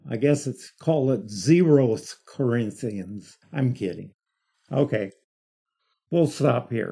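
Male Bible teacher, slow and measured, mellow husky tone, repeats key words for emphasis. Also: medium pitch.

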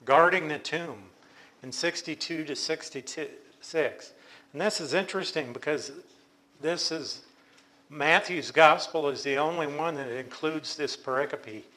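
This is a man whose voice runs on the high side, pushed and bright. He's teaching a Bible study, explaining without rushing and repeatedly restarting what he's saying.

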